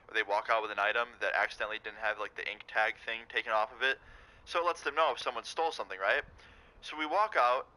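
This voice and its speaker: A young man casually telling a story to camera, profane and animated. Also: mid-range voice, poor audio. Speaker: vlogger.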